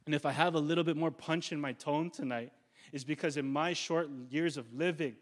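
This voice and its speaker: Male pastor, conversational sermon, drags out key words for punch. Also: fairly high pitch. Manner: conversational preaching, slows down for emphasis.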